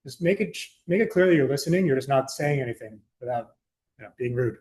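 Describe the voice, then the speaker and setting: A man's voice: medium pitch, animated, quick pace, darkish tone. A young man giving a casual, chatty presentation to a student club, loose and full of fillers and asides. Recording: echoey room.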